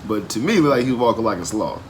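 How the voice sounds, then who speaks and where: A man's voice: lowish voice, lively intonation, rapid-fire, a little hiss or hum. A man hosting a reaction video in casual, slangy commentary, laughing often. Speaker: reaction channel host.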